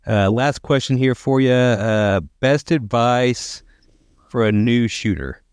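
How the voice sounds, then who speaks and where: A man's voice: medium pitch, slow pace, a little mellow, smooth, dry recording, studio quality. A man hosting a podcast interview, asking questions in a laid-back way. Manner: laid-back interviewer with short backchannel replies. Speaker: podcast host. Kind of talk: casual interview.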